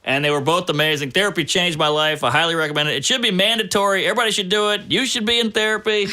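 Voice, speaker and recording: A man's voice: a little high, very fast, pushed and bright. A man, a guest comedian, telling long self-deprecating stories in a casual, profane podcast chat.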